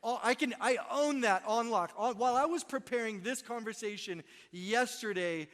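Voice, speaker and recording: A man's voice: very high voice, normal speed, fairly bright tone. A young man preaching a Christmas Eve sermon in a church, conversational and self-deprecating, often checking in with "right?". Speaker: pastor. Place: church sanctuary. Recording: long hall reverb.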